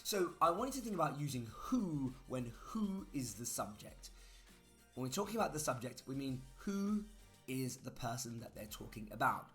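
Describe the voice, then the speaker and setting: A man's voice: mid-range voice, sing-song, moderate pace, fairly bright tone, faint music behind. A man teaching grammar in a chatty way, spelling words out letter by letter. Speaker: English teacher. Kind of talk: grammar lesson.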